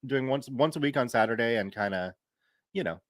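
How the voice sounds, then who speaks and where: A man's voice: mid-range voice, animated, brisk, dry recording, studio quality. A man in his thirties chatting casually on a live stream, reading viewer comments aloud and laughing easily. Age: 30s. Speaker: streamer and story reader.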